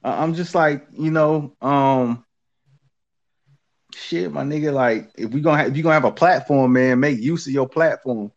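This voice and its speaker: A man in casual chat, talking in an animated, profane street manner. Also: medium pitch, normal speed. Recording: dull lo-fi audio.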